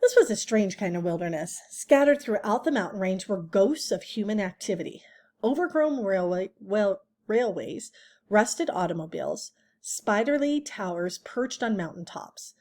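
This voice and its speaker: A woman's voice: medium pitch, darkish tone. A woman reading a children's book aloud, adding chatty asides and correcting her own slips. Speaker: reader.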